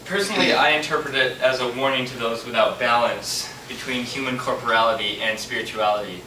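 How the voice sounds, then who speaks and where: A man on stage playing a nervous male literature professor who talks haltingly. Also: mid-range voice, lightly acted. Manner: halting, flustered. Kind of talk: amateur stage acting. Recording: echoey hall from far off, noise.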